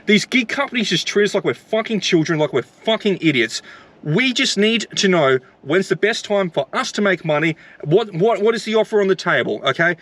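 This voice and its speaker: A man's voice: high-pitched, expressive, fairly quick, fairly bright tone. A man who drives for delivery apps, ranting angrily to camera, swearing and repeating himself. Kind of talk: angry rant to camera.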